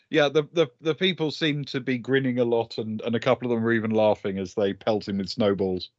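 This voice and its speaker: A man narrating as game master in a tabletop game, measured with frequent hesitations. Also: medium pitch, darkish tone, dry recording, lo-fi sound.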